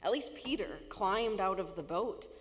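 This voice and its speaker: Unhurried woman preaching in a reverberant church. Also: mid-range voice, expressive. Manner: slow, deliberate preaching with acted-out tones. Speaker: pastor. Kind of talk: sermon. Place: church sanctuary.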